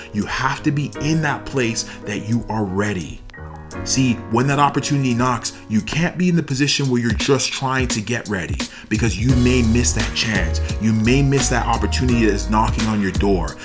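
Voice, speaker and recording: Guy doing a pumped-up motivational talk, keeps repeating himself, music playing under him. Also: mid-range voice. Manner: emphatic, repetitive exhortation. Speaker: motivational speaker.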